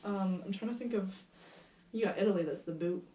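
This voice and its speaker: A woman's voice: mid-range voice, a little fast. A young woman from France with a French accent, a guest chatting casually and laughing easily. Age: young adult. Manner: laughs easily, playful and animated. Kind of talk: casual chat. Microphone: video call. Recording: echoey room, far from the mic.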